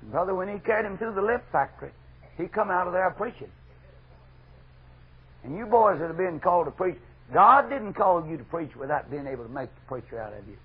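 A middle-aged preacher with a deeply husky voice that rides high and swoops widely. He preaches a fervent revival sermon, climbing to loud exhortation and then dropping to hushed asides. The recording is dull and lo-fi, like an old archival tape. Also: expressive, brisk.

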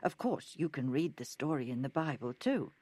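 A woman narrating a Bible story gently and expressively, in a scripted storybook reading. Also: low-pitched, sing-song, moderate pace. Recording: narration over music.

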